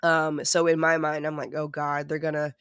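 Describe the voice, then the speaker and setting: Animated, profane, joking podcast co-host. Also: medium pitch, a little fast, smooth, dry recording, studio quality. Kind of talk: casual chat. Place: lives in New York City.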